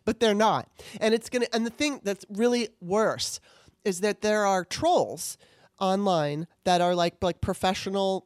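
A woman rants heatedly in casual chat, swearing freely. Her voice sits at a middle pitch. The sound is dry and close, as on a remote call. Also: a little mellow, dry recording. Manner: heated, profane, ranting. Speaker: podcast co-host.

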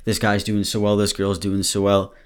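A young man with a very low voice gives an earnest, loose motivational talk. He sounds a little out of breath, restarts his sentences often and swears casually, like a podcast host speaking straight to his listeners. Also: monotone, moderate pace, clear, resonant tone.

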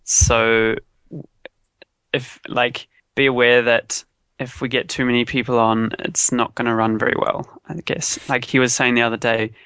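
A man's voice: medium pitch, flat delivery, moderate pace, a bit bright, smooth, no echo. A man speaks as a guest on a gaming podcast. He is hesitant and pads his sentences with fillers. His voice sounds close and dry. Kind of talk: casual podcast chat.

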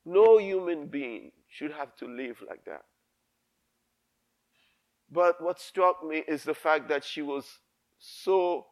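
Pastor, male, high voice, preaches with fire and repetition. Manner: impassioned, emphatic, repeats himself. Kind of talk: sermon.

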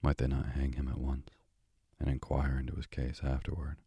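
A man narrating a classic novel as a soft, drowsy sleep story. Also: extremely low pitch, completely flat delivery, normal speed, breathy edge, dry recording, clean studio sound. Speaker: bedtime story reader.

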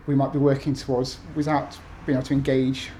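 A man's voice: medium pitch, little pitch movement, fairly quick, dark tone, a little hiss or hum. A man in his thirties from the UK, an author talking to an event audience with many ums and restarts, then reading his essays aloud. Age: 30s.

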